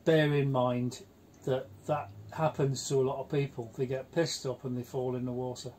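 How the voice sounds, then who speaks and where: A man, telling blunt, chatty stories in a relaxed conversation. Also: medium pitch, normal speed, slight background noise. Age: 60s. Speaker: houseboat vlogger. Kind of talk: casual chat.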